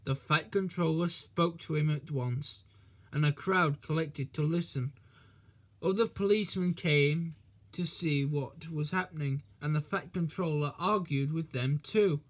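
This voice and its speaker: A man reading a children's storybook aloud in a gentle, measured way. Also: a little high.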